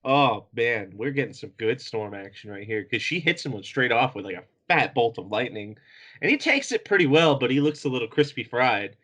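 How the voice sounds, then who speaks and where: A man's voice: medium pitch, fairly quick. Laid-back man riffing on comics. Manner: relaxed, laughs often, swears casually. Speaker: podcast co-host. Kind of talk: casual comic book discussion.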